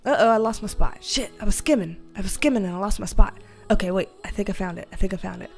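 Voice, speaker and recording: A young woman hosting a casual livestream, reading viewer comments aloud, giggling often, swearing freely and greeting people with excited bursts. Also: mid-range voice, brisk, soft background music. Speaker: livestream host, tarot reader.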